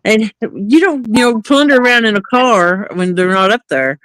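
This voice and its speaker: A woman with a voice on the high side speaks at a moderate pace in a dry recording. Telling a long story casually on a live talk stream, she's animated and performs each side of the dialogue she quotes.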